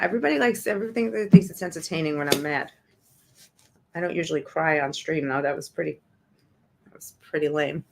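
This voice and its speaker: Indignant woman hosting a livestream, lower voice. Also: fairly bright tone, a little hiss or hum. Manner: indignant, sarcastic. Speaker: show host. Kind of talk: livestream commentary.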